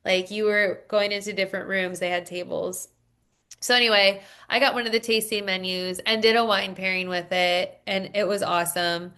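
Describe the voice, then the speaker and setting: A woman co-hosting a casual podcast, rambling through a story in relaxed chat. She leans on fillers and asides as she talks. Her pitch sits in the middle. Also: normal speed, clean tone. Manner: chatty storytelling with many fillers. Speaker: podcast co-host.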